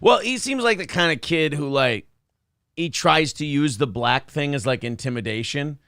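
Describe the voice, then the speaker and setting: A man's voice: on the high side, animated, normal speed, gravelly, pushed and bright, smooth, no room sound, clean studio sound. A man hosting a morning show, chatting casually and jokingly, acting out little bits in character voices. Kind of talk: casual comedic chat.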